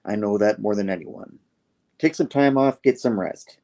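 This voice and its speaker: A brooding older scientist weighed down by guilt, speaking solemnly and in hushed tones, as a man reads him out during a comic recap. His voice sits low. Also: moderate pace, creaky. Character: aging male scientist, guilt-ridden, brooding.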